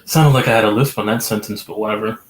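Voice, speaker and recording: A man in a casual sports chat, reacting with excitement as he watches baseball. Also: fairly low pitch, quick pace, echoey room, a little hiss or hum.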